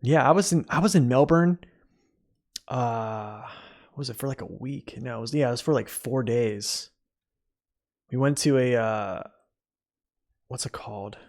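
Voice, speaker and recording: A man's voice: mid-range voice, unhurried, pauses often, a little mellow. A young American man chatting casually with his live chat as a streamer, rambling and answering questions. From United States.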